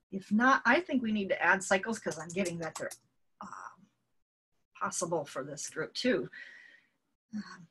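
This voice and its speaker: Husky woman teaching spiritual healing. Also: mid-range voice, a bit bright. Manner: rambling, many fillers and restarts. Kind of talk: casual spoken lesson.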